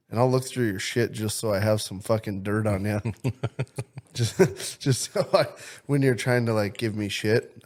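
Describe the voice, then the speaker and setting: Crude joking man with a low voice. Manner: loud, crude, joking, swears constantly. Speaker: podcast co-host. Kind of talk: casual profane podcast banter.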